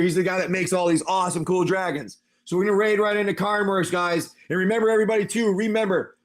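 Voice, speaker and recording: Excitable high-voiced male game master. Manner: animated and excitable. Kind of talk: livestream tabletop game narration.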